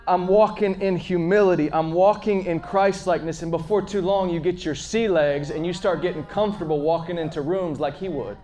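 A man preaching a conversational sermon, earnest and storytelling, swinging between emphatic lines and hushed asides. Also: sits high, a little fast, few pauses. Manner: frequent fillers and restarts, storytelling.

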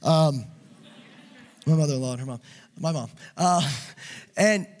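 High-voiced passionate male preacher. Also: unhurried. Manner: passionate, swings from loud urging to quiet asides. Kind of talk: sermon.

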